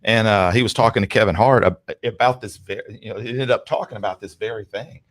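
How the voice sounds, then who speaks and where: Low-voiced chatty podcast host. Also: male voice, fairly even intonation. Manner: chatty, quick to interject. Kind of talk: casual podcast interview.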